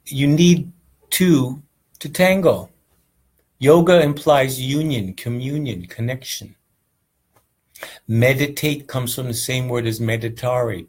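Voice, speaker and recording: A man's voice: mid-range voice, normal speed, breathy edge, poor audio. A man giving a casual, rambling meditation lesson, earnest and often checking in with "right?". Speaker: meditation teacher.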